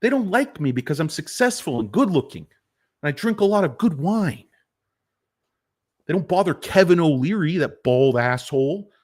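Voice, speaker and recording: A man's voice: on the high side, big pitch swings, moderate pace, darkish tone. A man voicing a brash, foul-mouthed, boastful male CEO who swears defiantly.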